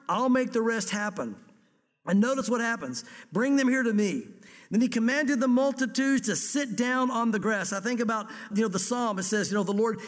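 High-voiced male pastor, echoing hall. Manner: lively storytelling, dramatizing scripture dialogue. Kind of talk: sermon.

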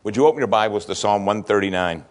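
A man pastor preaching a sermon, reading verses slowly with emphasis and asking rhetorical questions. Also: lowish voice.

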